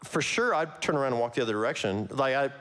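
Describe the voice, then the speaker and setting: A man preaching a conversational sermon, casual and animated, with slangy asides and frequent laughs. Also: medium pitch, fast talker. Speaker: pastor.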